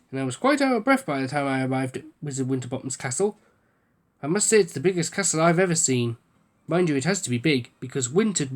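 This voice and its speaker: A man reading a children's picture book aloud, telling the story with lively delivery. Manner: lively storytelling, raising pitch for quoted speech. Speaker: book reader.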